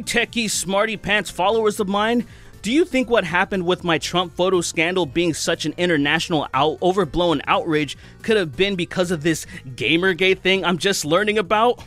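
A man's voice: high voice, a bit bright. A man giving heated, sarcastic, profane commentary on online culture as a channel host. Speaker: commentary YouTuber. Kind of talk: ranting commentary.

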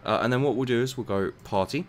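A fast-talking man with a mid-range voice rambles casually while playing and reviewing a game, and there's a slight hiss or hum on the recording. He trips over and repeats his words a lot and mutters asides.

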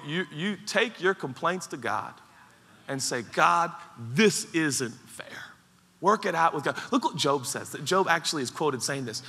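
A man preaching a sermon as pastor, animated and playful, acting out mock voices as he goes. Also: on the high side, measured pace, breathy edge. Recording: large hall with long reverb.

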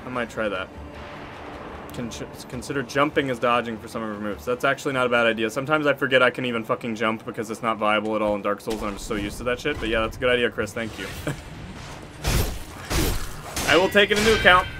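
A man's voice: mid-range voice, quick pace, background noise. A man commentating a live game stream, swearing often and raging at his losses, then laughing it off.

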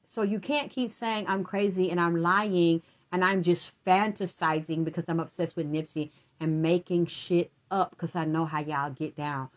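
Profane ranting woman with a low voice. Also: fairly even intonation, normal speed, hardly any pauses. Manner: profane, accusatory, talks in run-on streams; addresses absent people directly. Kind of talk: rambling personal rant.

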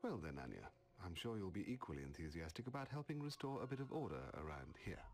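A man's voice: low voice, big pitch swings, quick pace, heavy background noise. An actor playing a fussy middle-aged male mentor in a video game, speaking in a formal, precise way.

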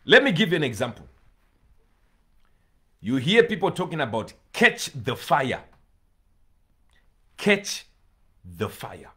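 A man's voice: fairly high pitch, sing-song, normal speed, long pauses, fairly bright tone, slightly rough. A man preaching a sermon, pleading and emphatic, repeating key words for stress.

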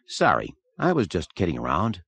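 A man's voice: low voice, wildly swooping pitch, moderate pace, vocal fry, a bit bright, breathy edge, dry recording, heavily acted. A man reading aloud, voicing a brash, wisecracking young man. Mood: joking.

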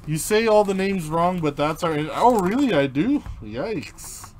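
A man's voice: sits high, lively intonation, measured pace, a little mellow, slight background noise. A man hosting a live card break. He reads out player names as he opens the packs and chats casually with viewers. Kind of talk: live card-opening commentary.

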